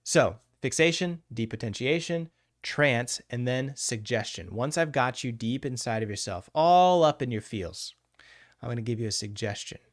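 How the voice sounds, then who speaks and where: A man's voice: mid-range voice, moderate pace, no room sound. A man teaching a casual live class on hypnotherapy, talking bluntly with some swearing and answering viewers by name, recorded on a close, dry mic. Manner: animated, blunt and profane, answers chat by name. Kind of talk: casual livestream lecture.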